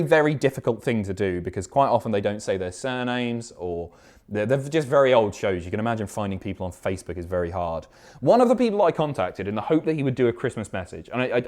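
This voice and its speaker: A man hosting a live stream, reading out viewer messages in sweary, banter-filled casual chat. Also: medium pitch.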